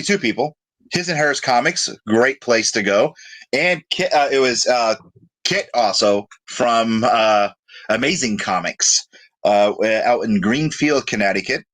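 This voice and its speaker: A man's voice: mid-range voice, a bit bright. Rambling man telling a story on a live show. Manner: rambling storyteller, reads viewer comments aloud. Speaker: co-host of a live web show. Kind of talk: casual live-stream chat.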